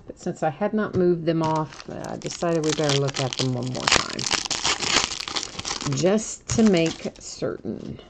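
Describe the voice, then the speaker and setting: A woman's voice: low voice, a little slow, creaky, background noise. A woman hosting a live-stream card break, chatting and laughing as she reveals each card and often trips over player names.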